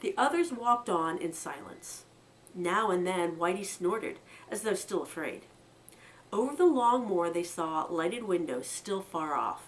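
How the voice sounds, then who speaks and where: Expressive American woman reading a storybook aloud. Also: a little slow, distant mic, rough recording. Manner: expressive, lifting her pitch for quoted lines. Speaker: children's book reader.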